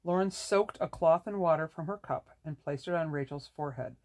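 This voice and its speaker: Audiobook narrator, measured, even reading, mid pitch. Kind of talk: scripted narration.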